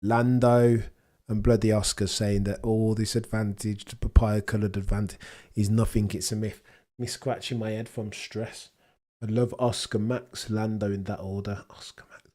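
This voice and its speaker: A man's voice: lowish voice, flat delivery, moderate pace, warm tone. A young man hosting a live stream, chatting casually and joking with his chat while reacting to the action.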